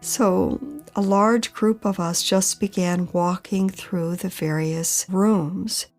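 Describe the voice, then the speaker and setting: Low-voiced woman telling her own story. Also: fairly even intonation, slow, faint music behind. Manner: earnest, emotional retelling with quoted dialogue. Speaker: interviewee recounting her story. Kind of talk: personal storytelling.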